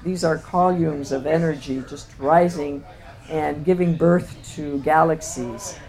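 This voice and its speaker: A woman with a fairly low voice gives a slide talk to a live audience. She speaks reflectively and haltingly, often stopping on "uh" and restarting her phrases. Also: a little mellow. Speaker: speaker presenting photographs.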